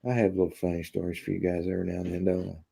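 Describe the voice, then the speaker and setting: A man hosting a live stream, chatting casually with viewers in a deadpan, rambling way full of fillers. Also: deep voice, racing, gravelly, slightly rough. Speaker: live-stream host reading chat.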